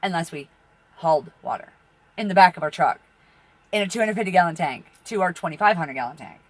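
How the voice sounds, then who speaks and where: Profane rambling woman with lively pitch. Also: fairly quick, no room sound. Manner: profane, rambling, laughs at her own stories. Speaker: tarot reader and channel host. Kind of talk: rambling personal storytelling.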